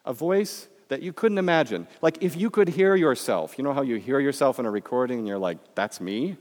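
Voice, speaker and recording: A man preaching a chapel sermon, moving between emphatic lines and hushed, quiet ones. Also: medium pitch, a little fast. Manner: expressive, swings between emphatic and hushed delivery. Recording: long chapel reverb.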